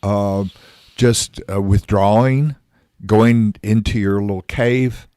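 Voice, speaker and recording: A man with a very deep voice joins a casual podcast conversation. He speaks haltingly, with many "uh" pauses and a playful edge. The recording is dry and close. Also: fairly even intonation, mellow, clean tone, no room sound.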